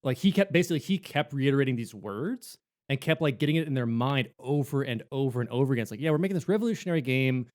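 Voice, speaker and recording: A man co-hosting a gaming podcast in casual chat, jokey and animated, slipping into quick silly voices. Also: medium pitch. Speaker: podcast co-host.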